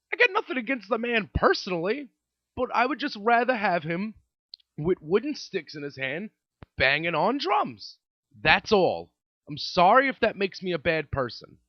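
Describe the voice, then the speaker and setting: Man, comedy podcast host, sarcastic rant, high lively pitch, dry lo-fi recording. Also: no echo. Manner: ranting, sarcastic, repetitive. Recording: dry, dull lo-fi sound.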